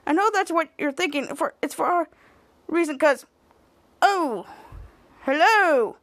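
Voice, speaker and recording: A woman's voice: sits high, animated, a little slow, fairly bright tone, dry recording, heavily acted. A woman voicing a boastful adult male superhero leader who is self-important and flustered. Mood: bossy.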